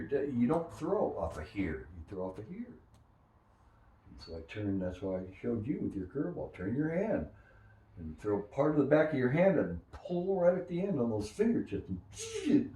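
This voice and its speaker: An older man recalling his days as a minor league pitcher, telling stories and acting out the voices of others. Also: a little hiss or hum. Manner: animated storyteller who acts out quoted voices. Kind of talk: storytelling interview. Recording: echoey room, distant mic.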